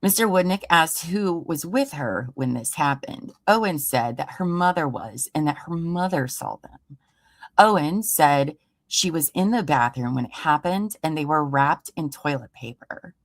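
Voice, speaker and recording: A deep-voiced woman who hosts true crime livestreams reads an investigative report from home, pausing for exasperated, sarcastic comments. Her intonation is lively and her pace measured, captured in a close, dry recording free of room echo.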